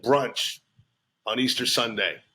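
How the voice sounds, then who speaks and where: A man co-hosting a comedy podcast in casual chat, quickly agreeing, laughing and stammering into restarts. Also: mid-range voice, bright, forceful tone, breathy edge.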